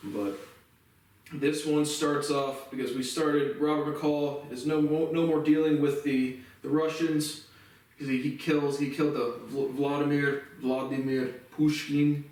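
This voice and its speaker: A man's voice: a little high, measured pace. Rambling man in a very echoey room. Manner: rambling, relaxed, with frequent restarts and casual swearing. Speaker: movie reviewer. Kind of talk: casual spoken movie review. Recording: very echoey room, distant mic.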